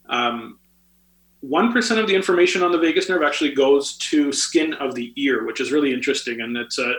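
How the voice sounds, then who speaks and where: A man with a bright, forceful voice speaks as a podcast guest, explaining health practices step by step with plenty of "um"s and "uh"s. His voice rings a little in a roomy space. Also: mid-range voice. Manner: explanatory, with many fillers. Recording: roomy echo.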